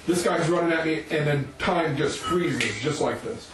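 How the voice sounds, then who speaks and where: A man preaching, telling a story to his listeners in an animated way and chuckling between lines. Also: on the high side, moderate pace, noisy background. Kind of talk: sermon storytelling. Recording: echoey room, mic at a distance.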